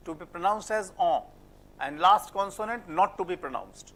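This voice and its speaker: Guy with a high voice and indian english accent teaching french phonetics, keeps asking how do you pronounce this. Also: normal speed, a bit bright. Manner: questioning, repeats words for drill. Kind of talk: classroom lecture.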